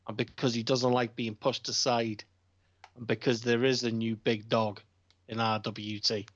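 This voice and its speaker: A man's voice: mid-range voice, dry recording. Boastful teasing male co-host. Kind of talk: casual wrestling chat. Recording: dull muffled audio.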